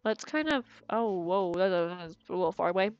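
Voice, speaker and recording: Giggling and chatting with her audience, a young woman gives casual commentary while streaming a game, faint music playing in the background. She speaks briskly and expressively in a fairly low, clean voice, captured in a dry but muffled recording.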